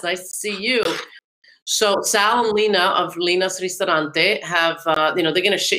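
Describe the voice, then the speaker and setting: A woman's voice: on the low side, pushed and bright, poor audio. A woman hosting a podcast, talking casually and rambling with fillers and laughs. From New York / New Jersey area. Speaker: podcast host.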